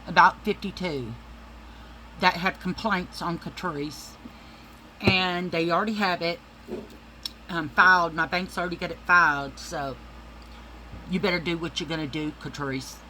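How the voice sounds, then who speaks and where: Woman vlogger, heated profane rant, bright edgy voice, faint room hiss. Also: on the low side, steady tone, measured pace, long pauses, poor audio. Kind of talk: casual rant to camera.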